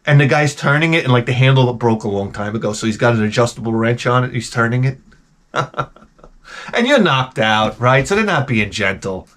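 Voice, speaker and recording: A middle-aged man telling comedic stories as the host, in an animated, profane, exaggerated ranting style. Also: medium pitch, normal speed. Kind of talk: comedic storytelling rant.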